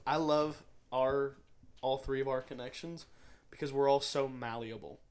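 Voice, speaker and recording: A man's voice: medium pitch, steady tone, moderate pace, darkish tone, clean tone. Earnest young man chatting casually. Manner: earnest, reflective, acts out quoted dialogue. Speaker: podcast co-host. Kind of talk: casual chat.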